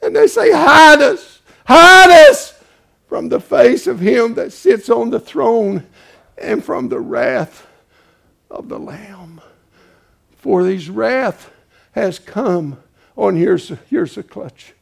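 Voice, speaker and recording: Man, preacher, high gravelly voice, folksy, hushed then shouting. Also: big pitch swings, slow, long pauses. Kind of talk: sermon.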